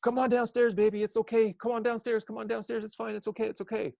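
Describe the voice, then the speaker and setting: A man quoting an anxious mother who gently coaxes her shy daughter, repeating herself, in a raised voice. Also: high-pitched, flat delivery, quick pace, creaky, no room sound, pitched above the performer's own voice. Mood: coaxing. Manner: soothing, repetitive coaxing.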